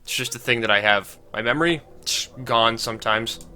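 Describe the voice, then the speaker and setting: A man's voice: medium pitch, moderate pace, bright, forceful tone, smooth, faint music behind. A young man with a stuffy cold, giving dry, sarcastic commentary while playing a computer game. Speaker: gaming channel host.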